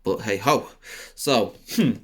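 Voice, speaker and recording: A young man doing sit-down comedy, rambling and swearing, laughing at his own jokes and bursting into loud high outbursts. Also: lively intonation, takes it slowly, slightly rough. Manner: rambling, swearing, many fillers.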